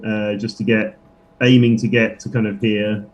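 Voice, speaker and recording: A man playing a tabletop game, talking through his character's moves in a halting, casual way. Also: fairly low pitch, level tone. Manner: halting, many fillers and restarts. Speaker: player.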